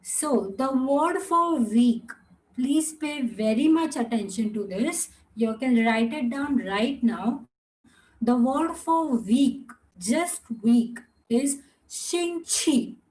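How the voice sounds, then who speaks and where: High-voiced woman teacher drawing out words. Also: lively intonation, darkish tone, rough recording. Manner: patient, repeats words slowly and stretches tones; mixes in another language. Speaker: language teacher. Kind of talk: online class lecture.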